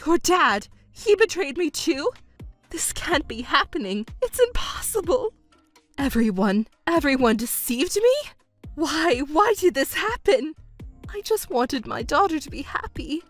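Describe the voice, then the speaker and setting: A woman's voice: sing-song, measured pace, soft background music. A woman voicing a selfish, whiny middle-aged stepmother who pleads and complains in a texting story. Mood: indignant. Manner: shrill, pleading and self-pitying.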